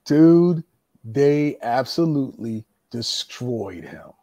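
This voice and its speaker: Man, casual storyteller, animated, acts out quotes, close dry sound. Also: on the high side, unhurried, dry recording. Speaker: retired wrestler telling stories.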